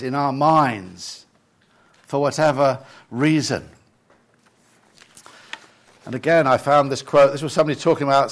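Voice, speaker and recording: An older man delivers a church sermon with a fairly high voice. He speaks in a reflective, halting way and often restarts his sentences. When he recites lists he slows down and goes soft. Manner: leads the congregation through lists in a soft slow voice. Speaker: preacher.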